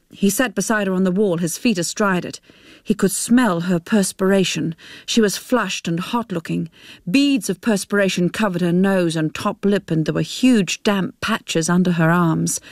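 A woman's voice: on the low side, moderate pace, dry recording, studio quality. A woman reading a novel aloud, narrating steadily. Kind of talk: audiobook narration.

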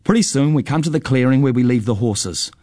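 Storyteller man, measured delivery, mid-pitched voice, very dry close recording. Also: expressive, a little mellow, dry recording. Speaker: narrator. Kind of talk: storybook narration.

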